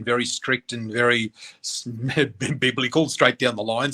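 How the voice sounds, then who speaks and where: A man's voice: mid-range voice, a bit bright. A middle-aged man telling a personal story as an interview guest, candid and emotional, acting out the voices of people he quotes. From Australia.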